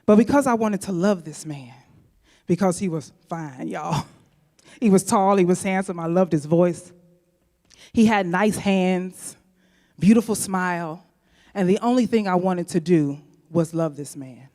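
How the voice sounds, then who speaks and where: A woman's voice: fairly low pitch, measured pace, mellow. Chatty woman telling a story in a reverberant hall. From St. Louis, USA. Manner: chatty, addresses the audience directly. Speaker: storyteller, speaker. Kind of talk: live personal storytelling. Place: event venue stage.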